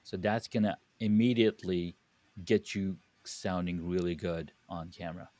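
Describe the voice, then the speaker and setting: A man with a deep voice, a guest on a podcast, explaining studio audio step by step and pausing to find his words. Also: fairly even intonation, darkish tone, no echo. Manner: explanatory, with restarts and searching for words. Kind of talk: podcast conversation.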